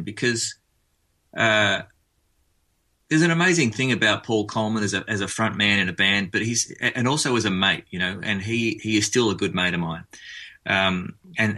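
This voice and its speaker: An Australian man talks as a guest on a radio interview, rambling along with plenty of restarts. His voice sits fairly low but comes across bright and forceful. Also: normal speed. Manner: chatty and rambling, with frequent restarts. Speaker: musician guest. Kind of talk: casual radio interview chat.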